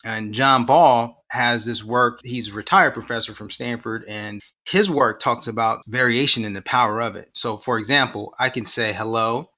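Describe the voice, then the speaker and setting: Bright-voiced man explaining with emphasis. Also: medium pitch, normal speed, few pauses. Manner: expansive, emphatic, often asks rhetorical questions. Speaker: guest researcher in science education. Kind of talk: conversational interview explanation.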